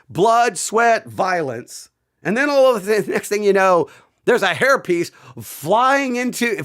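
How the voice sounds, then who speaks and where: Animated middle-aged man telling a story. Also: sits high. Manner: animated, repeats himself, breaks into laughter. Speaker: channel host. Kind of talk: excited casual storytelling.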